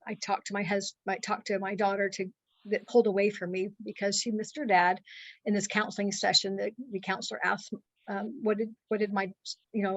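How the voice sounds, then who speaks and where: A woman in her forties telling a personal story on a call, earnest and halting, with many fillers and restarts. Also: medium pitch, no echo, rough recording. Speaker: guest speaker.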